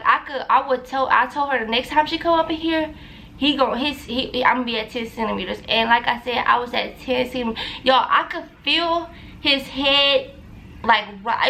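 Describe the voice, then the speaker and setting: A woman's voice: fairly high pitch, vocal fry, sharp tone, a little hiss or hum. A young woman telling a personal story to her viewers in a loose, repetitive, chatty way. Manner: talkative, loose, repeats phrases, addresses viewers as y'all. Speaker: vlogger.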